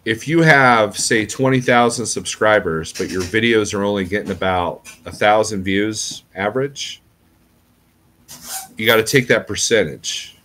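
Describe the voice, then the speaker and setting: A man's voice: on the low side, unhurried, a bit bright, a little hiss or hum. A middle-aged man, a trucker, talking in a rambling casual vlog and often checking in with "okay?". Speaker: trucker YouTuber.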